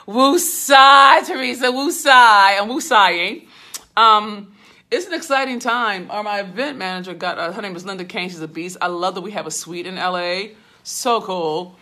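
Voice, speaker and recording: Her mid-range voice sounds pushed and bright at a normal speed as this business mentor livestreams casually from a hotel suite. She fusses, laughs, and calls viewers by name into a phone held at arm's length.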